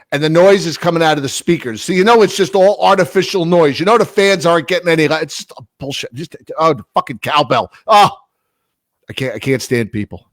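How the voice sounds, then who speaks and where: A man's voice: on the high side, no room sound. A man co-hosting a casual sports podcast, ranting animatedly and swearing freely. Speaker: podcast co-host. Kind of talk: casual chat.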